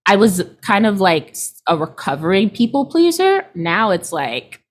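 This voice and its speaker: This is a woman in her thirties with a mid-range voice, speaking at a normal speed as an interview guest. She's chatty and animated, laughs often, and acts out what other people said by quoting them in put-on voices.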